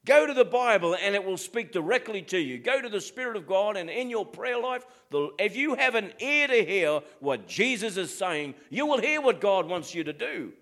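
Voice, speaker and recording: A man's voice: high voice, big pitch swings, moderate pace, few pauses, fairly bright tone. A middle-aged Australian man preaching a sermon as pastor, in a plain-spoken, direct way.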